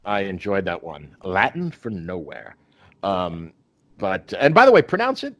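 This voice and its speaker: A man's voice: deep voice, huge pitch swings, a little slow, a bit bright, no echo. A man hosting a podcast in casual chat, rambling with many restarts and fillers. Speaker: podcast host.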